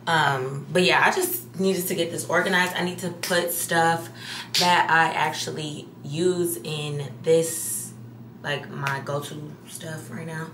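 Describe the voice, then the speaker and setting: A woman's voice: sits low, steady tone, slow, background noise. A young woman, chatting casually to camera about her home, full of ums and calling her viewers y'all. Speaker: lifestyle vlogger. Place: home kitchen and bathroom, indoors. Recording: roomy room with household clatter.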